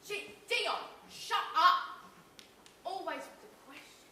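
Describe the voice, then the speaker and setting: A woman's voice: a little high, animated, moderate pace, sharp tone. A young woman plays a domineering female drug smuggler, harsh and scornful, on a school stage. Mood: hard, scornful. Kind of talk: stage acting. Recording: echoey stage from far off.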